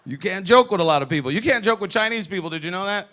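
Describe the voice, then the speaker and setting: Lively-pitched man doing stand-up. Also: quick pace. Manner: joking, teasing the audience. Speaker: stand-up comedian at a birthday party. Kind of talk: stand-up comedy routine. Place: party venue with a live audience.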